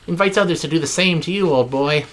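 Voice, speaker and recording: A man voicing a worldly, mustached explorer with an Australian accent and formal, gentlemanly phrasing. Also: fairly high pitch, fast talker, slight background noise, close to an everyday voice. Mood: grand.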